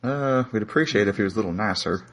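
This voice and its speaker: A man playing a tabletop game, talking in a quick, offhand way. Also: fairly low pitch, a bit bright. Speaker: player.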